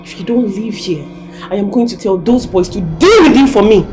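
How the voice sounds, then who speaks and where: A woman's voice: mid-range voice, animated, moderate pace, close to an everyday voice. A Nigerian woman playing a caretaker who pleads urgently and snaps in anger. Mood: angry. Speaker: caretaker at a sickbed. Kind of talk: Nollywood film acting. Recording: echoey room with film music.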